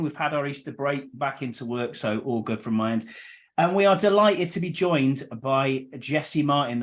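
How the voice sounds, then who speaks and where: A man from England hosting a podcast, greeting and chatting in an upbeat, friendly way. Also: medium pitch. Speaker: podcast host. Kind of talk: casual podcast chat.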